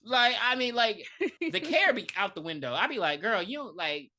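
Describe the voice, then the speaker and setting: A woman's voice: a little high, very animated, normal speed, pushed and bright. A woman co-hosting a podcast, casually retelling a movie with lots of fillers and laughter. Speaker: podcast co-host. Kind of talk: casual movie review chat.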